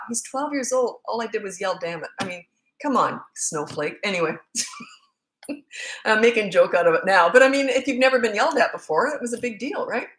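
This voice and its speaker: A woman's voice: mid-range voice, fairly bright tone, a little hiss or hum. A middle-aged woman, a parenting coach, answering questions in a casual, blunt and joking way, rambling with asides. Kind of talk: casual Q&A monologue. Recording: roomy echo.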